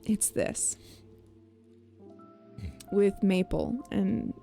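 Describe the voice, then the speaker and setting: A woman chatting casually as co-host of a stream, relaxed and laughing often, bothered by hiccups. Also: medium pitch, extremely slow, gravelly, faint music behind. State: has the hiccups. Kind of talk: casual chat.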